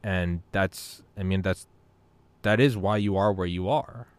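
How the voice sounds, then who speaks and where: Man, thirties, podcast host, lower voice, dry close sound, animated, swears a lot. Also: a little slow, smooth, dry recording. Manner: animated, swears freely, repeats words. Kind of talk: casual storytelling chat.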